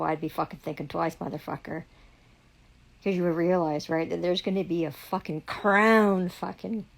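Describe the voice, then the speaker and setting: A woman's voice: fairly low pitch, vocal fry, poor audio. A woman on a live stream, ranting in a heavily profane, indignant and rambling way. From Canada. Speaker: livestreamer. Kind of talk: angry live-stream rant.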